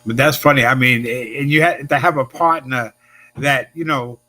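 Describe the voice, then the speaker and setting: A man's voice: mid-range voice, fairly even intonation, moderate pace, sharp tone. A male talk show host chatting casually with his guest, rambling with many fillers. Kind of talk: casual interview chat.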